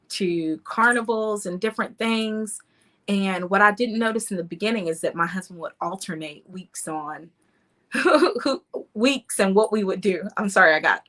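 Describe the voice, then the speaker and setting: A woman in her thirties hosts a podcast and tells her own love story with feeling. Her voice is bright and clear at a middle pitch. She gets animated and emotional as she talks. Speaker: podcast host. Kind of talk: personal storytelling and encouragement.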